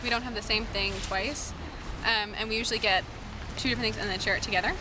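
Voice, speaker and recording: A woman's voice: medium pitch, steady tone, fast. A young woman chatting casually with a friend outdoors in the city. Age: young adult. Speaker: friend of the vlogger. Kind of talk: casual chat. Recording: loud street noise and crowd outdoors.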